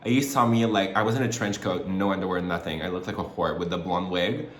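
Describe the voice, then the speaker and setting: A man chatting through a makeup tutorial at home, gossipy and rambling, with sudden loud squeals. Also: low-pitched, steady tone, a little fast, slight background noise. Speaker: makeup vlogger. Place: room at home, alone. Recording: echoey room, faint ambience.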